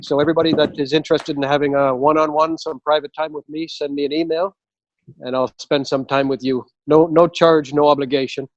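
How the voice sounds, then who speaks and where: A man with a slightly high voice talks earnestly and persuasively as a life coach. He is a guest in a casual live interview. The sound is dry and close, with no room echo. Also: level tone, a little fast, highs cut off.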